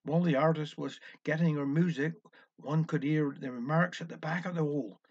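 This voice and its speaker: A man's voice: on the high side, moderate pace. A man with a Cornish accent telling a wry village dialect story. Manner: wry, anecdotal. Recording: dull lo-fi recording.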